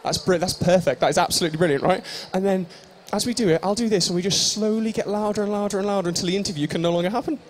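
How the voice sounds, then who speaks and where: A young man hosts a live stage show at a fan convention, joking and teasing the audience with improvised comic banter. His voice sits high and races along with hardly any pauses, over a little hiss or hum.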